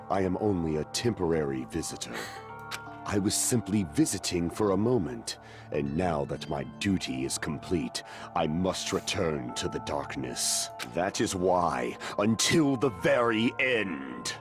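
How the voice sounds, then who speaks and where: An actor playing a flamboyant young self-styled dark overlord in a game, with theatrical, grandiose declarations. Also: male voice, deep voice, lively intonation, unhurried. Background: game music.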